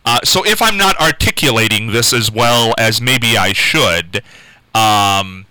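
A man hosting a call-in radio show, talking unscripted and halting, often repeating words and restarting. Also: lowish voice, lively intonation, sharp tone, clear, resonant tone, no room sound, poor audio. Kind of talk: casual unscripted call-in talk.

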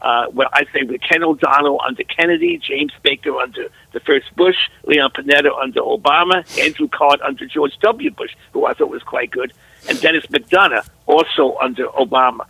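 A man's voice: fairly high pitch, very animated, normal speed, vocal fry, sharp tone, husky, dry recording, poor audio. An older man talking as a guest commentator on a radio show, earnest and rambling, his voice jumping up when he stresses a point. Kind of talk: phone-in radio talk.

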